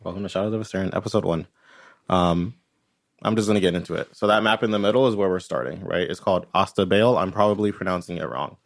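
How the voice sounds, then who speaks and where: A man's voice: low voice, quick pace, creaky. A man running a tabletop game as game master, rambling casually and tagging his points with "right?". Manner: rambling, tags lines with "right?".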